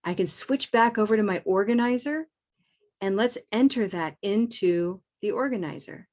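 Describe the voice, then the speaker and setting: An encouraging woman leads a live online pronunciation class at a medium pitch. She talks to her students through a computer mic and chants rhythms to model them. Her tone stays upbeat as she guides the practice. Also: normal speed, darkish tone. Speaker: pronunciation teacher.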